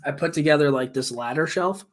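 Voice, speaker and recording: Profane, exasperated young podcast co-host. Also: male voice, a little high, fairly quick. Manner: profane, animated storytelling with bursts of exasperation. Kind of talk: casual chat.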